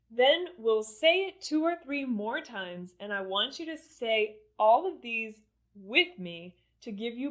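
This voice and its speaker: A woman leads a scripted pronunciation lesson at an unhurried pace. Her voice sits a little high, and she stretches out her intonation on purpose so that each pattern is clear. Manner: slow, deliberate, exaggerated intonation in examples. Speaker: English pronunciation teacher.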